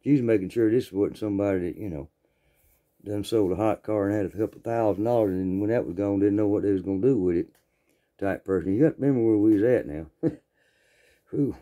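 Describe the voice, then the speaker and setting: A man's voice: on the low side, a little fast, mellow. An older man in his sixties with a Southern accent, telling a funny story in a folksy, rambling way, often repeating his words. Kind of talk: casual spoken storytelling.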